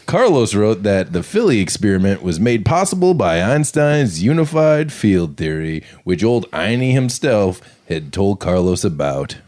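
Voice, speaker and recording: A man's voice: fairly low pitch, warm tone. A man co-hosting a conspiracy podcast, reading out a story with wry joking asides. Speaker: podcast co-host. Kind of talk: casual chat, reading notes.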